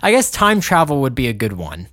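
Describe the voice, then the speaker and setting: A man's voice: medium pitch, wildly swooping pitch, brisk, fairly bright tone, dry recording, studio quality. Giggly man hosting a casual chat. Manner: giggly, laughs often and explains at length. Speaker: podcast host.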